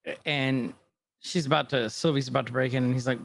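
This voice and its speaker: A podcast co-host chats casually while recapping a TV episode, rambling as he retells scenes with quick quoted lines. His mid-range voice has fairly even intonation and some vocal fry, against slight background noise.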